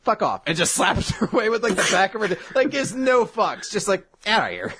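A man's voice: sits high, fairly quick, a bit bright, slightly rough, no room sound. A man hosting a casual, rambling recap of a comic, often laughing and swearing. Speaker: host.

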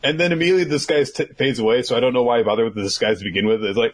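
A young man casually recapping a manga, animated and swearing, acting out the characters. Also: medium pitch, very fast.

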